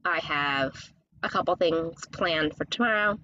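A woman's voice: sits low, unhurried, dull audio, slight background noise. Chatty woman hosting a podcast. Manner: chatty, rambling, gushing when excited. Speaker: podcast host. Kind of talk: casual solo chat.

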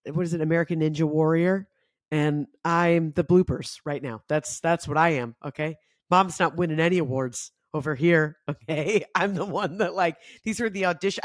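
A woman hosting a casual spiritual self-help podcast, talking frankly with lots of "like" fillers and expressive jumps in pitch. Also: no echo, clean studio sound. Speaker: podcast host.

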